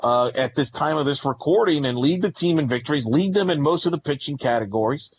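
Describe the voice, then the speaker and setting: A man's voice: a little high, brisk, breathy edge, highs cut off. A man co-hosting a sports podcast, talking through team records and stats in a rambling, analytical way. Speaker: podcast co-host. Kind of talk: casual sports talk.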